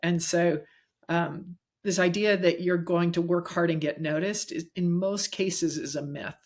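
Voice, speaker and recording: Middle-aged woman guest, lowish voice, earnest anecdotal storyteller, conversational. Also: steady tone, unhurried. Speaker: guest, executive coach. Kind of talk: casual interview chat.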